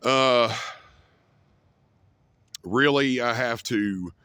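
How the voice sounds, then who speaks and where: A man's voice: mid-range voice, very slow, pushed and bright, clean tone, dry recording. A young man telling a rambling, profane story to camera as a casual rant. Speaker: vlogger.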